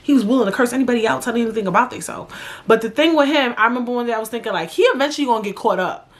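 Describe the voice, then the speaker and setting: A young woman from New York hosting a podcast, telling a story in an animated, profane, slangy way. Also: a little high, rapid-fire. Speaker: podcast host. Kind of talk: casual storytelling monologue.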